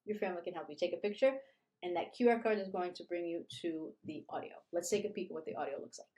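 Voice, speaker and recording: A woman teaching a beginner online language lesson, upbeat and repeating phrases slowly for learners. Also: on the low side, mellow.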